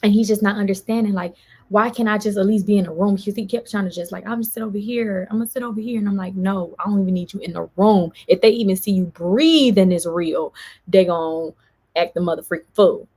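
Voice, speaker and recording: A woman vlogger, venting in an animated storytime and quoting others as she goes. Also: mid-range voice, fairly quick, breathy edge. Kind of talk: casual storytime vlog.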